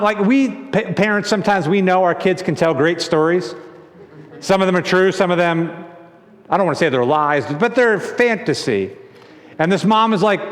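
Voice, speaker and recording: A man preaching a sermon as pastor, telling the story in a lively conversational way and sometimes repeating his words. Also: high voice, normal speed. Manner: animated storytelling with acted-out quotes. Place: church sanctuary. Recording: long church reverb.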